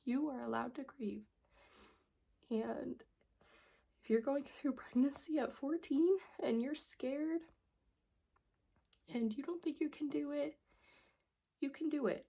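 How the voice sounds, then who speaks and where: Emotional young woman, husky and gravelly. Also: sits high, slow, pauses often, dark tone. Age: young adult. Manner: emotional, earnest, pleading. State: tearful. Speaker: vlogger. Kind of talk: personal story vlog.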